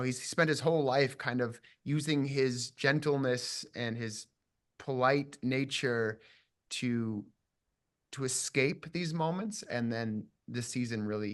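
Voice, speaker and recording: A man from southern Minnesota speaks in a relaxed interview, mid-pitched and easygoing. He thinks aloud, trailing through restarts and filler words as he explains his ideas. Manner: reflective, rambling, full of restarts and fillers. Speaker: actor guest. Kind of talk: casual interview chat.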